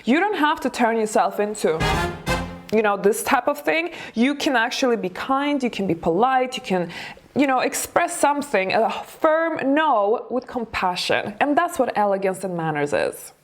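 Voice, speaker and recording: Woman dating coach, encouraging and chatty, slightly high voice, reacts to clips. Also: animated, normal speed, soft background music. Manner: chatty, encouraging, laughs often.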